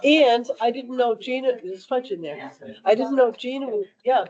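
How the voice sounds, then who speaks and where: A woman's voice: on the high side, moderate pace, darkish tone. A woman at a public hearing chatting in a friendly way with the people around her. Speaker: hearing attendee. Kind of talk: casual chat. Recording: muffled recording in a chattering crowd.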